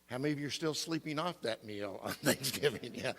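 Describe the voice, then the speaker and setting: A man's voice: mid-range voice, animated, fairly quick, a bit bright. A middle-aged male pastor giving a playful sermon and quizzing the congregation. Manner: playful, asks the congregation questions. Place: church sanctuary. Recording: long reverb of a church hall.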